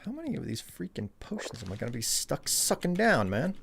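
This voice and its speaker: A man's voice: a little high, huge pitch swings, fairly quick, vocal fry, a bit bright, slight background noise. A man streaming a video game live, chatting playfully with viewers and talking to himself as he plays. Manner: chatty, playful, talks to himself while playing. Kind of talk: casual live-stream gameplay commentary.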